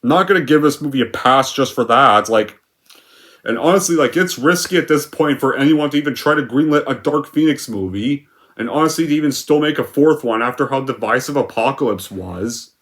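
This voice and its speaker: A man's voice: mid-range voice, fairly quick, fairly bright tone. A young man giving a sarcastic, profane, rambling movie rant with lots of filler words. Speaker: movie reviewer.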